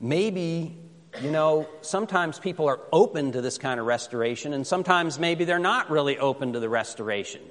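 A man preaching to his congregation, his voice set a little high. He moves from loose, conversational storytelling to slow, deliberate scripture reading. His words ring out with a long reverb, as if in a large church sanctuary. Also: animated, a bit bright. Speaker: pastor. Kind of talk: sermon.

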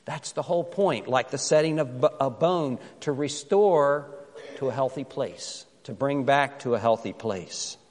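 A man preaching a sermon as pastor, telling a story in a conversational way and reading scripture slowly and with care. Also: mid-range voice, in a large hall.

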